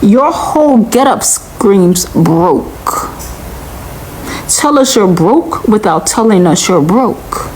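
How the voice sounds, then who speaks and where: A woman delivers a reaction commentary at an unhurried, deliberate pace. She sounds incredulous and lectures steadily, repeating her point over and over. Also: medium pitch, animated, darkish tone, a little hiss or hum, poor audio.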